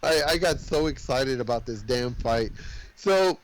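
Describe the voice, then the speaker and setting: A man co-hosting a podcast, retelling a film in an animated, profane way and laughing often. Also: mid-range voice, a little slow, low-quality recording. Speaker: podcast co-host. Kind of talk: casual chat.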